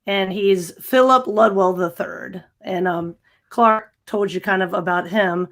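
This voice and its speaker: This is a woman talking as a guest on a podcast. Her voice sits at an ordinary middle pitch, and she speaks in a lively, chatty way, laughs easily and fills pauses with "um" and "you know". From American South. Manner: chatty and animated, laughs often, many fillers. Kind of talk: casual podcast interview.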